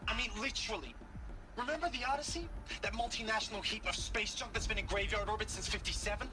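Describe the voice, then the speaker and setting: A man's voice: sits high, quick pace, lightly acted. An actor voicing a blunt, matter-of-fact man in a video game. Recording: distant game audio with music.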